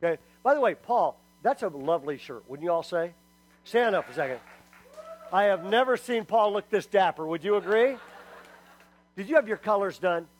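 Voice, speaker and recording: A middle-aged male pastor delivering a sermon in a lively storytelling way. His voice sits a bit high for a man, and he acts out quotes and tosses asides to the congregation. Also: moderate pace, faint music behind, rough recording.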